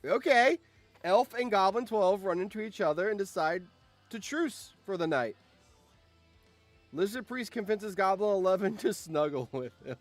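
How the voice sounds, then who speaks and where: An excitable male host reacting to a game out loud in casual commentary, his voice sitting a little high. He drops to low mutters, then bursts into shouts, with faint music playing underneath. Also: moderate pace, no echo. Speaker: channel host and streamer.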